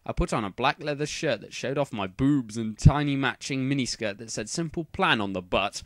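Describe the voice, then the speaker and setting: A man reading fan fiction aloud for comedy, dropping deadpan sarcastic asides. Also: medium pitch, normal speed, no echo, studio quality.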